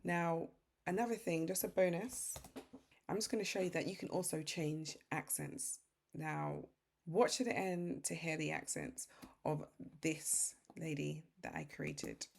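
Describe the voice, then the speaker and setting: British female tutorial host, lowish gravelly voice, relaxed step-by-step walkthrough. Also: a little slow. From Britain. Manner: casual step-by-step explaining. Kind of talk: screen-recorded software tutorial.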